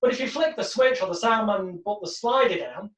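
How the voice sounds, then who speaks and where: A man's voice: high voice, fairly quick. Man teaching in a roomy, distant recording. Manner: lively storyteller who acts out quotes. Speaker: hypnosis trainer. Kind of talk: casual teaching monologue. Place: home room in front of a backdrop. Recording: roomy, distant, dull sound.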